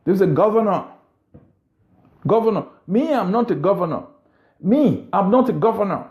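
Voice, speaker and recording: A man's voice: sits high, lively intonation, moderate pace, muffled recording. A man giving an impassioned political monologue, indignant and full of rhetorical questions. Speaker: political commentator.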